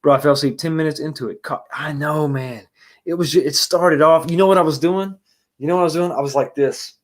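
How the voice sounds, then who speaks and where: This man's voice is on the high side and brisk as he does a casual livestream movie review and answers chat. He rambles in exasperation, blunt and profane, full of restarts and rhetorical questions.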